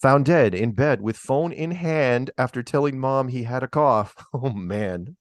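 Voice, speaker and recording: Male host, casual rambling storyteller, very animated pitch, dry recording. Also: a little slow, dry recording. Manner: rambling, chuckling storyteller with restarts; swears mildly, drawls "man" and "right?". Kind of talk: casual livestream chat.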